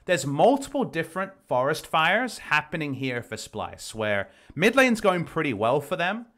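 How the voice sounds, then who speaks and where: A man's voice: on the high side, sing-song, normal speed, fairly bright tone. A man breaking down a recorded match as an esports analyst, explaining plays in detail. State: losing his voice. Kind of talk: game review commentary.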